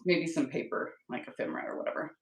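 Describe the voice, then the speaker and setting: A woman's voice: quick pace, far from the mic. Chatty woman livestreaming from an echoey room. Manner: chatty, upbeat, talks to viewers while working. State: tired. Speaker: live-selling craft host. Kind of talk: casual livestream chat while painting.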